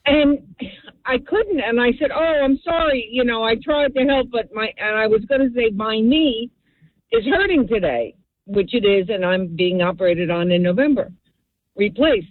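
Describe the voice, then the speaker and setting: A woman's voice: fairly high pitch, moderate pace, dry recording. Older New woman on the phone. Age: 70s. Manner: animated, chatty storyteller. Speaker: caller. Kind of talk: phone-in storytelling. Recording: tinny phone line.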